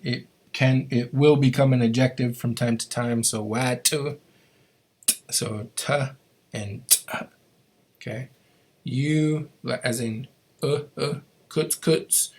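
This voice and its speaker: A man's voice: mid-range voice, a little mellow. A man teaching a language class, patiently explaining how to make each sound, with frequent ums and restarts.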